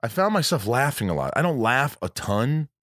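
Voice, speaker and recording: A man's voice: mid-range voice, very animated, normal speed, fairly bright tone, no room sound, clean studio sound. A man hosting a podcast from home in casual chat, rambling along with frequent restarts and self-corrections. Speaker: podcast host.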